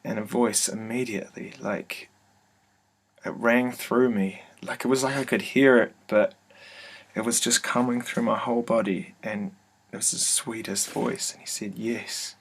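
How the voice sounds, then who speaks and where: A man telling a personal story to his webcam in an office, hesitant and soft-spoken, full of fillers and restarts. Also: on the low side, fairly even intonation, normal speed, husky. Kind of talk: casual first-person testimony. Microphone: computer webcam mic.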